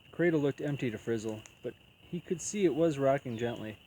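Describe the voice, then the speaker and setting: Man reading a children's story, mellow. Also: medium pitch, animated, brisk, a little hiss or hum, rough recording. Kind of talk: reading a children's picture book aloud.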